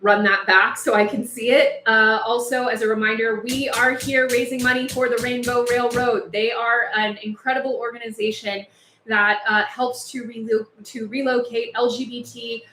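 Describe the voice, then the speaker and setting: A woman with a slightly high voice hosts a casual livestream, talking with passion and laughing between points. She is overheated and sounds it. Her voice echoes in a bare room. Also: little pitch movement, normal speed, bright, forceful tone, slight background noise. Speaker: livestream host. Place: house with no air conditioning.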